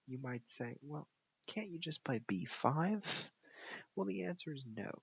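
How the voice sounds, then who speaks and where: Low gravelly man explaining chess moves. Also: fairly bright tone, lo-fi sound. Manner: explanatory, walks through moves step by step. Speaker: chess coach reviewing his game. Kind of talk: chess game analysis.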